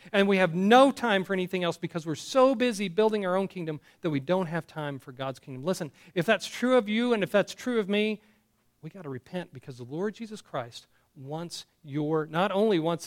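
Man, preaching, high-pitched voice, earnest, frequent restarts. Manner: earnest, with frequent restarts and call-outs to the congregation. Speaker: pastor. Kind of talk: sermon.

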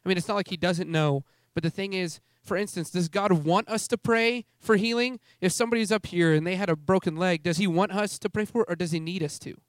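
A man's voice: high-pitched, brisk, few pauses, no echo, studio quality. A young man giving an earnest, rambling testimony sermon, often restarting his sentences. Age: young adult. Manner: earnest, rambling, self-interrupting. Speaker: speaker at a youth ministry gathering.

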